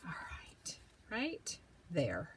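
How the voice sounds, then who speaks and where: A woman hosting a paper-craft tutorial, chatting to herself as she works, sometimes whispering, her voice going hoarse. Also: fairly low pitch, huge pitch swings. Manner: slow, chatty, talks to herself while working, drops to whispers. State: losing her voice, clearing throat.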